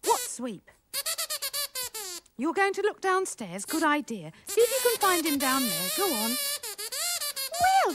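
A woman's voice: very high voice, background noise. A woman presenting a children's TV show, chatting with puppets in a coaxing, exclaiming, mock-exasperated way.

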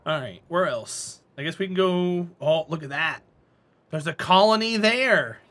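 Bright-voiced, high-pitched man streamer chatting. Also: expressive, a little slow, a little hiss or hum. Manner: joking, teasing chat banter. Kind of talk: casual chat with live stream viewers.

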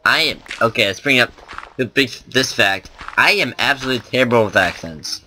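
A man hosts his own gameplay video, chatting casually as he plays. His voice is very bright and cutting, sitting at an ordinary pitch for a man. He rambles and thinks out loud, filling gaps with ums and likes. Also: expressive, a little fast, a little hiss or hum. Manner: rambling, thinks aloud with many fillers. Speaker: let's play host.

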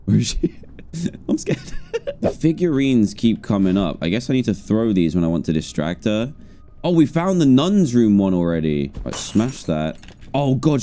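A man's voice: medium pitch, warm tone, slight background noise. A man giving jokey, jumpy commentary while playing a horror game live. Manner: jokey, jumpy, talks to himself. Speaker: gaming streamer.

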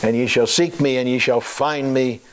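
In a sermon full of fillers and rhetorical questions, a male pastor speaks in a steady, medium-pitched tone, easing into a measured rhythm for scripture passages. The audio is low quality, with a little hiss or hum.

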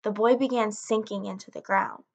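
A woman narrating a folktale in a steady, plain storytelling manner. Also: medium pitch, moderate pace, dull audio.

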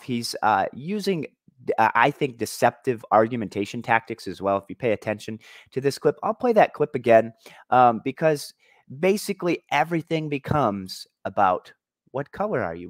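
A man hosting an opinion commentary vlog speaks in a medium-pitched voice, emphatic and argumentative. The recording is dry, with clean studio sound.

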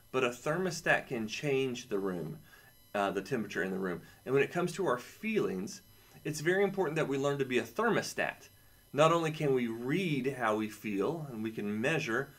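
A man's voice: medium pitch, fairly bright tone. A man with a son, teaching a casual lesson to children with playful, jokey asides. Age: adult, has a son. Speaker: camp teacher for kids.

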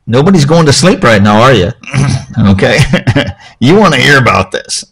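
A man's voice: mid-range voice, very animated, moderate pace, fairly bright tone, breathy edge. A pastor preaching a sermon in church, talking conversationally and checking in with "okay?" as he restarts his phrases.

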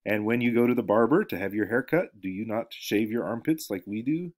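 A man's voice: lowish voice, a little fast, darkish tone, natural voice. A man reading aloud the lines of an older man who asks question after question in disbelief. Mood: incredulous. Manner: incredulous, pressing questions.

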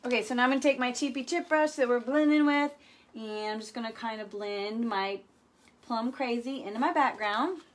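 A woman with a fairly high voice leads a live furniture painting demo. She is chatty and playful, and she keeps checking in with her viewers. Her delivery is relaxed and conversational as she explains each step. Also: moderate pace, slight background noise.

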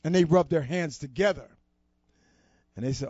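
A man telling a motivational story to an audience, expressive and with deliberate pauses. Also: a little high, no room sound. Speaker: storyteller at a society program. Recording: dull lo-fi dry recording.

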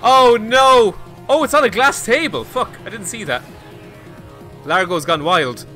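A man streaming himself playing a video game. He gives casual commentary in an excitable, self-mocking way and swears often. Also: sits high, a little slow, faint music behind. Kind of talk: casual let's-play commentary.

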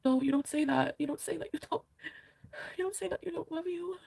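High, gravelly woman vlogging. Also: a little fast, a little mellow, dry recording. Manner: rambling, frank, full of "like" and swearing. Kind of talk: candid vlog talk.

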